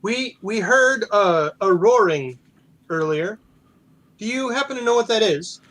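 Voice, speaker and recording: A man's voice: high-pitched, animated, measured pace, fairly bright tone, low-quality recording. A man playing a tabletop game, asking polite questions. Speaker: player.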